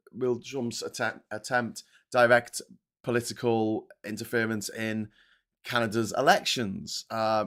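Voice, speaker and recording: A man's voice: on the low side, a bit bright. A man hosting a casual political livestream, talking bluntly with frequent swearing and reading viewer comments aloud. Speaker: host of a morning politics livestream.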